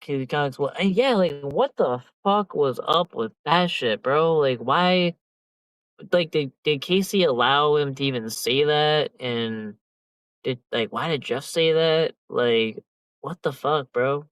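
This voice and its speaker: A man's voice: fairly high pitch, takes it slowly, fairly bright tone, clear, resonant tone, no room sound, rough recording. A young man chatting casually as a podcast host, rambling and slangy with heavy filler and swearing. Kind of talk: casual chat.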